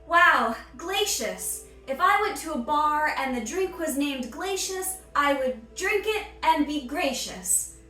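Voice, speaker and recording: Woman, playful comic teacher, lively swoops in pitch, slow delivery, faint music under a roomy sound. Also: recorded from a distance. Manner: playful, punning, mock-stern scolding. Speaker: sketch comedian playing a teacher. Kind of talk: comic skit, mock lesson. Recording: echoey room, off mic, faint music.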